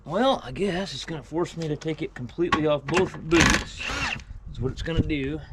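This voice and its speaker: A man's voice: fairly high pitch, normal speed, heavy background noise. A man working as a mechanic who talks casually and thinks aloud while he works on an engine in a truck repair shop. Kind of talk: casual work vlog, talking while repairing.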